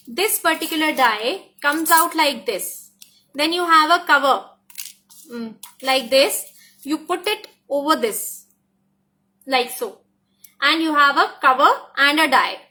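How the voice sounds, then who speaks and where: Bright, high-voiced Indian woman demonstrating crafts. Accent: Indian English. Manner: enthusiastic, repeats "look at this", code-switches to Hindi. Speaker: craft die designer presenting new products. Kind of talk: product demonstration tutorial.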